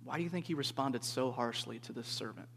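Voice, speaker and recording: A man preaching to a group in a relaxed, conversational way, often checking in with "okay?" and asking the listeners questions. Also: mid-range voice, fast talker, gravelly, a little hiss or hum. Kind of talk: interactive sermon. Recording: reverberant hall.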